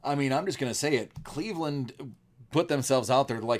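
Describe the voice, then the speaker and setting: A man in a middle register runs a live card break, his voice slightly roughened from screaming. He chats loosely between pulls and clears his throat often. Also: medium pitch, brisk. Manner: chatty, joking asides, clears throat often.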